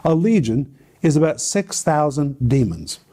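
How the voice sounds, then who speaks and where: Male Bible teacher, slightly high and warm, dramatic emphatic delivery for a teaching show. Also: sing-song, measured pace. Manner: emphatic, dramatic storytelling with repeated phrases.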